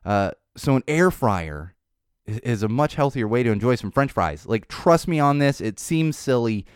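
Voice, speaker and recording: Lively, tired man rambling on a podcast. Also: mid-range voice, moderate pace, clean tone, dry recording, studio quality. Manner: rambling, speaks off the cuff with tangents. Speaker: podcast host. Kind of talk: casual unscripted monologue.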